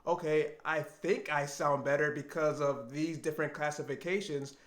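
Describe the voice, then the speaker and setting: A man's voice: on the high side, steady tone, moderate pace. Earnest man musing aloud in an echoey room. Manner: earnest, thinking aloud, with self-questions. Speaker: language learner vlogger. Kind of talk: reflective solo talk to camera.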